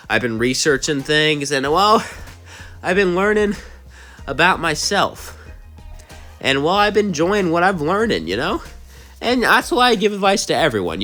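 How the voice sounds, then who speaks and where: A young man with a cold talks to his viewers in a rambling, heartfelt way, his pitch bouncing up and down a lot. He narrates and chats casually, with faint music underneath. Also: fairly bright tone. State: sick with a cold, coughing. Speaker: channel host, storyteller. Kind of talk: casual fan-story narration and chat.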